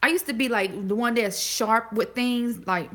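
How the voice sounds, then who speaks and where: Fast-talking woman in her forties. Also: fairly high pitch, fairly bright tone. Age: 40s. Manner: fast-talking, halting, loses her words. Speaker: vlogger. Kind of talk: casual chat to a live audience.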